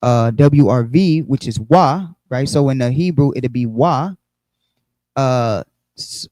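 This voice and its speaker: A man's voice: mid-range voice, slow pace, a little mellow, dry recording, poor audio. A man teaching a Bible lesson on a livestream, explaining step by step and checking in often with "okay?" and "right?", with frequent fillers. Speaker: religious teacher.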